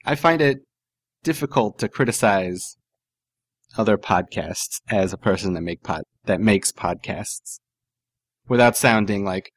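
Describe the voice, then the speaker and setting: A man co-hosting a podcast in casual banter, animated and sarcastic, laughing often. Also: on the low side, unhurried, no echo. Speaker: podcast co-host.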